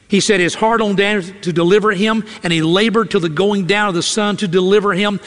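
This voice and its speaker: A man's voice: high voice, fairly even intonation, a little fast, hardly any pauses, a bit bright, big-room sound. A male preacher delivering a sermon in a dramatic, emphatic storytelling style, often repeating lines for effect.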